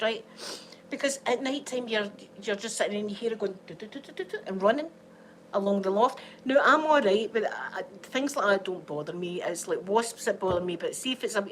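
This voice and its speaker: This Scottish vlogger is under the weather, talking casually at home in a chatty, rambling way and laughing a lot. She has a mid-range voice, and a little background noise can be heard.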